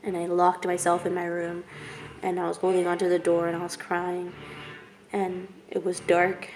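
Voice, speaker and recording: A young adult woman telling a personal story to camera in a hushed, halting way while she holds back tears. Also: fairly low pitch, completely flat delivery, slight background noise, rough recording. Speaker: vlogger.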